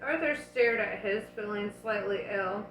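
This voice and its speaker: A woman reading a novel aloud in a casual, unhurried way, dropping in her own asides. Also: mid-range voice, a bit bright, echoey room, a little hiss or hum, low-quality recording. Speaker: audiobook reader.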